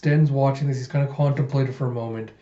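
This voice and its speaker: Relaxed man narrating a comic, roomy sound. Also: medium pitch, quick pace. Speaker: manga reader. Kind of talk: casual manga readthrough. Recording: roomy, muffled home recording.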